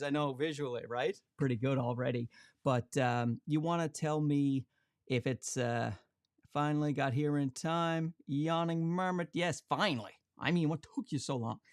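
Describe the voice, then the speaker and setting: A man's voice: a little high, no echo. Guy doing a casual camera livestream, jokey, dry close mic. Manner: chatty, joking, reads out viewer comments. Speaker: camera channel host. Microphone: XLR shotgun mic.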